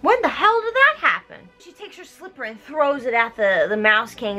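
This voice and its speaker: Giggly tipsy woman, high bright voice. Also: moderate pace, soft background music. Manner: giggly, animated, voices the characters. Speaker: host. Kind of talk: tipsy comedic retelling.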